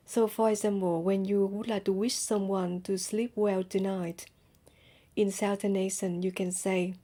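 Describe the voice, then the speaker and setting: Slow, mellow-voiced woman teaching. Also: mid-range voice, little pitch movement. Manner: repeats each phrase slowly and clearly for learners. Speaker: language teacher. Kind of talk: slow teaching with repeated example phrases.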